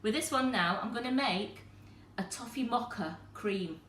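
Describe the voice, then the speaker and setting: A woman hosts a live cooking demonstration in her kitchen, chatting to viewers as she explains each step. Her voice is on the high side and fairly bright, at a moderate pace. The kitchen sounds echoey, with faint noise.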